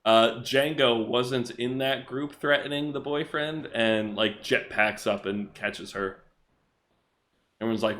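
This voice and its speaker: A man's voice: medium pitch, a little slow, fairly bright tone. Laughing man recapping comics. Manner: laughs often while summarizing comic plots. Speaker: podcast co-host. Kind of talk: casual comic recap chat.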